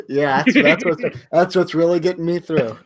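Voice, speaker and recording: A man's voice: a little high, fairly even intonation, moderate pace. A man co-hosting a casual podcast, playful and wisecracking, laughing often. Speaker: podcast co-host.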